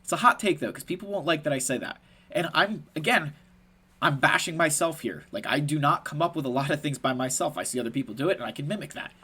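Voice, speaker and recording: A man's voice: fairly high pitch, quick pace, husky. A man explaining a strategy game in a casual, passionate commentary, emphatic and often adding "right?" as he goes. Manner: animated, laughs at himself. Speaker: gaming content creator.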